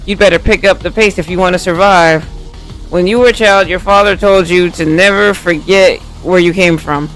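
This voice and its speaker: A man's voice: high voice, fairly bright tone. A man casually commenting on a game playthrough, reading the on-screen text aloud and cracking playful jokes. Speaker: game streamer.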